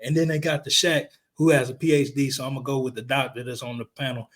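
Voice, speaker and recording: A man co-hosting a casual sports podcast, talking in a profane, heated, emphatic way, his voice a little hoarse. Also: medium pitch, little pitch movement, quick pace, fairly bright tone. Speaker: podcast co-host. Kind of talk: casual sports chat and rant.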